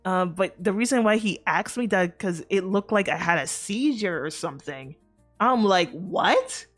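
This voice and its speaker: A woman's voice: mid-range voice, animated, normal speed, a bit bright. A woman streamer telling a casual, rambling story to her chat, full of fillers, restarts and the odd swear word. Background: faint background music.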